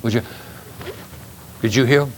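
An older man, a grandfather, preaching a sermon with emphatic rises in pitch. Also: steady tone, moderate pace, a little hiss or hum. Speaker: pastor.

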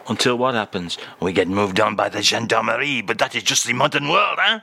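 Comic radio host, male, mock-grand and rambling, bright tone. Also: mid-range voice, fairly quick, creaky, few pauses, husky. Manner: mock-pompous, rambling, deadpan.

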